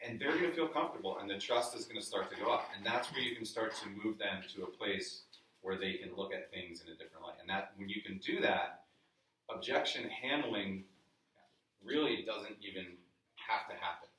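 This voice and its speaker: A presenter from the New York area leads a live sales training workshop in an office meeting room, coaching conversationally and putting questions to the audience. His lowish voice is brisk and sharp, picked up from a distance in a very echoey room with slight background noise.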